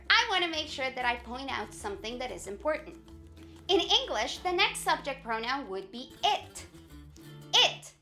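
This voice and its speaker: Bright, lively woman teaching Spanish. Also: high voice. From Colombia. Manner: lively, encouraging, slow modelled repetition. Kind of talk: upbeat video lesson.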